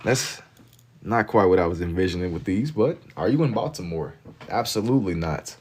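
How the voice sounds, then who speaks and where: Deep-voiced laid-back streamer guy. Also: expressive, moderate pace, a little hiss or hum. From Kentucky. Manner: laid-back slang-heavy banter, reading and answering chat. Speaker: livestreamer. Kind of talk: casual chat with live viewers while drawing.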